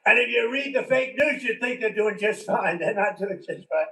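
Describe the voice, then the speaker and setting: Rally speaker, older man, highish voice, roomy far-off mic sound. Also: animated, normal speed, sharp tone. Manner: rambling, repetitive, with conversational asides. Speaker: politician giving a speech. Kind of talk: rally speech. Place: large venue with a crowd.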